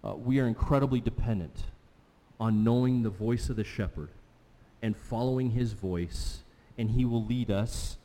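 A man's voice: mid-range voice, moderate pace, warm tone. A man pastor preaching a sermon in a conversational way, putting questions to the congregation. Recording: long hall reverb.

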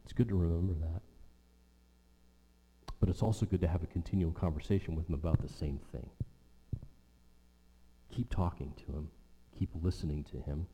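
A male pastor delivering a sermon, slow and emphatic, with rhythmic repetition, in a church. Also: low-pitched, steady tone, mellow, slightly rough. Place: church sanctuary. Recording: long reverb of a large hall.

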